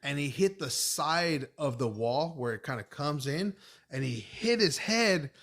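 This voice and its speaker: A man's voice: a little high, animated, a little slow, a bit bright. Young man, profane casual podcast chat. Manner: profane, reactive, laughs along. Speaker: podcast co-host.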